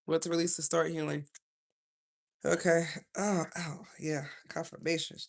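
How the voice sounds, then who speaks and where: A woman's voice: deep voice, level tone, measured pace, creaky. Chatty woman doing a tarot livestream. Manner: rambling, chatty, self-interrupting. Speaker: tarot reader. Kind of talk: casual livestream tarot reading.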